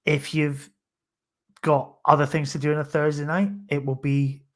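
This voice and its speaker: A man's voice: on the high side, level tone, normal speed, fairly bright tone. A man hosting a live podcast in casual chat, jokey and rambling, with mild swearing. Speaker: podcast host.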